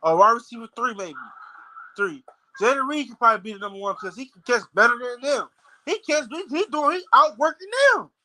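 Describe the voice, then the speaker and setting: An enraged football fan rants on his own channel in an extremely high, expressive, bright voice, brisk and forceful. He stammers and curses throughout, over slight background noise and poor audio.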